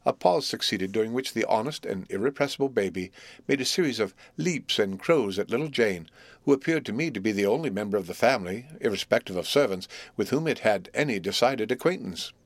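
A man with a voice on the low side narrates a classic novel as an audiobook reader, telling the story in a measured, expressive way. The recording is dry.

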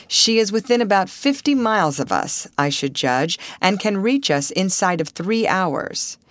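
A woman reading a story voices a male ship captain who speaks in a measured, plain way. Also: medium pitch, lively intonation, fairly bright tone, no room sound, pitched above the performer's own voice. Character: steady middle-aged male ship captain.

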